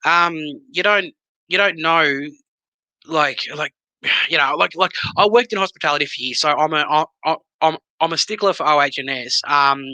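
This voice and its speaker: A man, a sauce maker guest in a casual interview, speaking haltingly with many restarts. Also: on the high side, sharp tone, dry recording.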